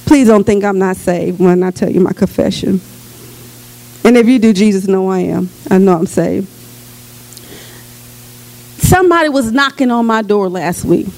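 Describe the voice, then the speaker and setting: A woman's voice: mid-range voice, expressive, moderate pace, pauses often, a little mellow. A woman preaching a prophetic sermon with fervent, repeated chanted words and call-and-response. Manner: breaks into storytelling with laughter.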